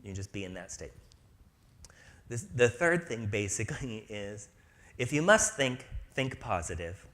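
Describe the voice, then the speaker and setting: A man's voice: lowish voice, sing-song, a little slow, a bit bright. Playful man giving a spiritual talk. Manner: playful, jokey, acts out little voices. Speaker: spiritual speaker. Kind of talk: inspirational talk to a live audience.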